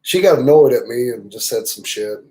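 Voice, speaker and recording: A Southern-accented man with an expressive, medium-pitched, dark voice speaks at a normal speed on a low-quality recording. He hosts a motorcycle travel channel and is telling rambling, profane stories and ribbing people casually on a livestream.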